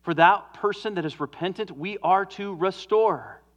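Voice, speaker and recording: A pastor preaches a sermon in a high voice, earnestly shifting from emphatic stresses to hushed, drawn-out endings. The audio sounds dull.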